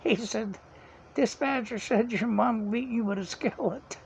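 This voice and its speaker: Guy vlogging, real gravelly and kinda high, chuckles a lot, dull lo-fi audio w faint hiss. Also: measured pace. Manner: rambling, chuckles often, retells dialogue. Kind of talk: casual storytelling.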